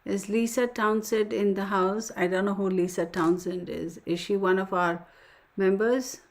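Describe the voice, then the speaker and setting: With a mid-range voice and an unhurried delivery, a middle-aged woman runs a tarot livestream. She keeps things casual with viewers, telling stories in an eager, chatty manner.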